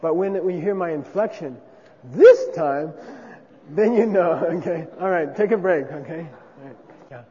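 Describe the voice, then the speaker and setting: Male teacher, fairly high voice, casual lecture, echoey hall with faint noise. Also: moderate pace, few pauses, crowd noise. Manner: conversational, checks in with frequent 'okay?'. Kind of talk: classroom lecture on Buddhist philosophy. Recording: dull lo-fi sound with long reverb.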